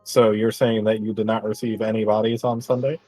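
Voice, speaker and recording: A man playing his character in a tabletop game, talking haltingly and politely with many fillers. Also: lowish voice, flat delivery, a little mellow, soft background music. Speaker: player.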